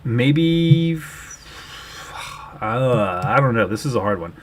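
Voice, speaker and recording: A man's voice: medium pitch, animated, slow. Chatty man explaining on a livestream. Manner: chatty, explaining and thinking aloud. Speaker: livestream host. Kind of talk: casual livestream chat.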